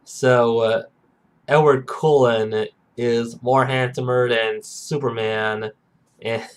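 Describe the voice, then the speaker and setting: A man hosting a casual podcast, rambling and halting, with lots of "uh" and "and" between thoughts. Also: mid-range voice, clear, resonant tone. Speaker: podcast host. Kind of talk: casual chat.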